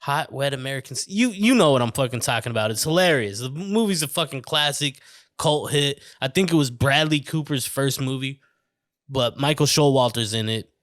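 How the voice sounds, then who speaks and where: A man's voice: mid-range voice, expressive, moderate pace, fairly bright tone, no room sound, studio quality. A man from the American Southwest hosting a podcast, a little drunk, rambling, swearing and stumbling over his words. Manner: profane, stumbling, tangent-prone. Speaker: podcast host. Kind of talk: casual rambling podcast monologue.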